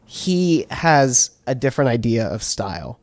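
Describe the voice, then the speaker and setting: A man in his twenties co-hosting a casual chat, rambling through a story and trailing off quietly. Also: mid-range voice, big pitch swings, measured pace, dry recording. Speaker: podcast co-host.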